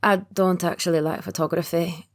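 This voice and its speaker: A reserved man in his early thirties, guarded and soft-spoken in an audiobook romance, as a woman narrator reads him. The voice sits low and is steady, without theatrics. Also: lightly acted. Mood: quiet, earnest. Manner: quiet, guarded, opens up slowly. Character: reserved thirty-one-year-old man, secret agent. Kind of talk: audiobook character voice.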